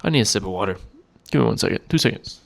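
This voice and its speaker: A man's voice: fairly low pitch, expressive, very fast, gravelly, fairly bright tone. A man in his twenties telling a rambling, laid-back story to camera in a casual vlog, with a self-deprecating manner. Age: 20s. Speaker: cigar vlogger.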